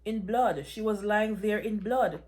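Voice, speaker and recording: A woman reading aloud voices a grieving man who haltingly tells terrible news. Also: mid-range voice, a little mellow, natural voice. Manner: halting, heavy with pain. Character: grieving man breaking bad news, sobbing.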